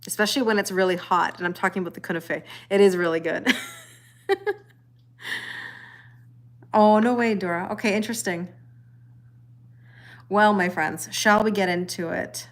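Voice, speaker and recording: A woman's voice: mid-range voice, steady tone, moderate pace, long pauses. A middle-aged woman hosting a casual tarot live stream at home, chatting and greeting viewers by name, laughing often. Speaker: tarot reader livestream host.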